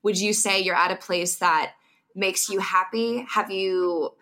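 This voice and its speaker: A woman's voice: mid-range voice, fairly even intonation, unhurried, bright, forceful tone. A woman hosting a podcast, chatty and casual, with plenty of filler words. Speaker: podcast host.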